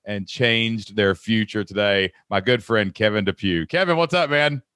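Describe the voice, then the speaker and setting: A man's voice: fairly low pitch, normal speed, clean tone, no echo, clean studio sound. A man in his thirties with an American accent, hosting a podcast interview and telling stories with lots of enthusiasm. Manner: enthusiastic, animated storytelling with quoted voices. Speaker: podcast host.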